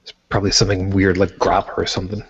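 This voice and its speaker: A man's voice: sits low, completely flat delivery, very fast. Dry-teasing man on a lo-fi line. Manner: dry teasing, wry asides. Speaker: podcast co-host. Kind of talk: casual group chat over a card game.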